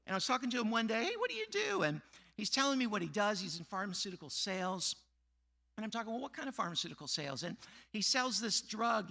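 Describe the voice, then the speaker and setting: A middle-aged man preaching a sermon, telling a personal story and acting out the voices of the people in it. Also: gravelly. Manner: storytelling, acting out quoted voices, drops low and quiet for sad parts.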